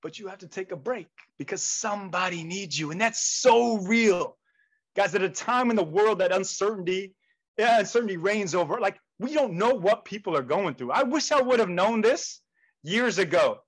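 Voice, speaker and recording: A man telling stories in an animated way during a motivational talk over a video call. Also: high voice, moderate pace, slightly rough, poor audio. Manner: animated storytelling with quoted voices. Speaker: motivational speaker.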